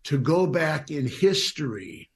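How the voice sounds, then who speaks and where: Husky-voiced clergyman telling a story. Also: on the high side, animated, slow. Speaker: clergyman in archive interview. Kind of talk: recounted anecdote.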